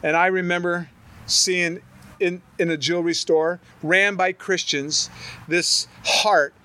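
Animated, bright-voiced male preacher. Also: sits high, takes it slowly, a little hiss or hum. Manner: animated, storytelling, reads scripture aloud then riffs with humor. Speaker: pastor. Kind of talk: sermon.

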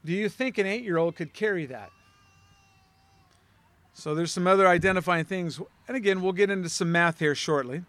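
Male Bible teacher with a conversational style who asks the listeners questions, higher voice, dry sound. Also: normal speed, long pauses, fairly bright tone, no echo.

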